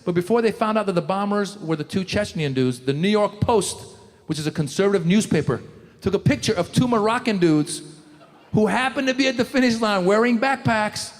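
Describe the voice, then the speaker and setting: High-voiced male stand-up comedian. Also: in a large hall. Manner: quick, mocking, talks straight to the crowd. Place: live comedy stage before an audience.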